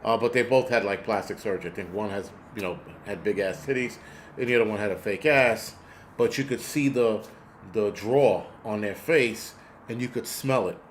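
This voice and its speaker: A man's voice: lowish voice, normal speed, slight background noise. A man hosting a casual talk stream, telling a rambling street story with blunt, profane language and lots of fillers. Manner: rambling, answers viewer donations mid-story. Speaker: host. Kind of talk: casual chat.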